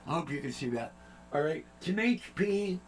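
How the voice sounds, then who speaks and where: Rambling, jokey older man with a slightly high voice. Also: animated, normal speed, faint music behind. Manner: rambling and jokey, with frequent fillers and asides. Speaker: channel host. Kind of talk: casual vlog chat.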